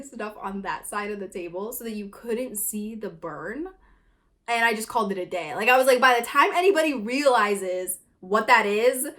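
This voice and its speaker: Chatty young woman, slightly high voice. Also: fairly bright tone. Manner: constant filler words, swearing, laughing while telling. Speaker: vlogger. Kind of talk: casual storytime.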